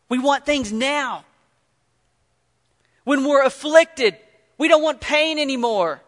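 A man preaching an earnest sermon, telling stories and swinging from loud emphasis to near-whisper. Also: extremely high pitch, normal speed, in a large hall. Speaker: pastor.

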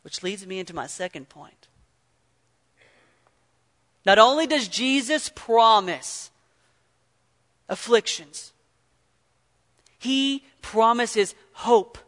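High-voiced preacher man in a reverberant hall. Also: expressive, takes it slowly, pauses often. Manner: earnest, storytelling, swings from loud emphasis to near-whisper. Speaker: pastor. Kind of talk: sermon.

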